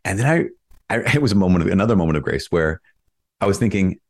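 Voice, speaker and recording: A Catholic priest speaks in an interview with a deep, low voice. He explains things earnestly and gets animated in his anecdotes, raising his voice when he imitates himself. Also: fast talker. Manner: earnest, animated storytelling, mimics himself with raised voice. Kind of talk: conversational interview.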